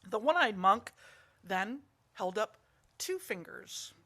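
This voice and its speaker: A woman telling a parable during a worship service, in an animated storytelling manner. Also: mid-range voice, slow.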